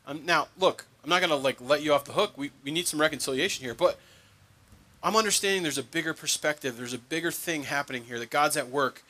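Bright-voiced man preaching conversationally. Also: on the high side, fast talker. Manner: conversational preaching, acts out biblical voices with casual asides. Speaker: pastor. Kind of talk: sermon.

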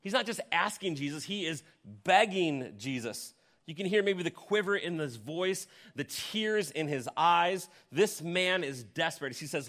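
Guy pastor preaching, kinda high voice, tells it like a story, gets loud then drops real quiet, asks the church stuff. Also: lively intonation, measured pace. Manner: vivid storytelling, swinging between loud emphasis and hushed near-whispers; addresses the congregation directly with questions. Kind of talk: sermon.

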